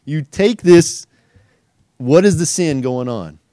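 A man's voice: on the high side, lively intonation, slow, mellow, no echo, clean studio sound. A middle-aged man preaching a verse-by-verse sermon, asking rhetorical questions and acting out quoted voices. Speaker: pastor and teacher.

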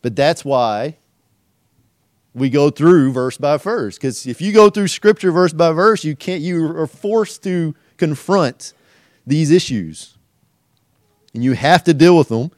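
A man's voice: on the high side, slow pace, no room sound, clean studio sound. A middle-aged man preaching a verse-by-verse sermon, asking rhetorical questions and acting out quoted voices. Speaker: pastor and teacher.

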